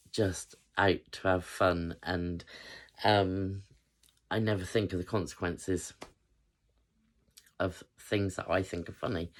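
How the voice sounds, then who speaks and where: A woman in her fifties from England with a notably low voice tells a personal story in a casual, chatty way. She rambles, pausing often on fillers as she goes. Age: 50s. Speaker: vlogger.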